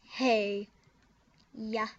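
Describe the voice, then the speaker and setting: A young woman records a prank game video while typing at her computer, giggling, halting, mumbling, and trailing off in casual commentary. Her slightly high voice is flat, caught on a dull lo-fi computer mic with a little hiss or hum.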